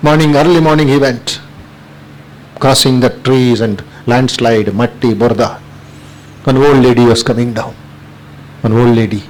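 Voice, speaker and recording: A man with an Indian accent, a swami giving a storytelling sermon, animated, mixing in local phrases. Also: medium pitch, normal speed, pauses often, low-quality recording. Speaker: swami teaching on karma yoga.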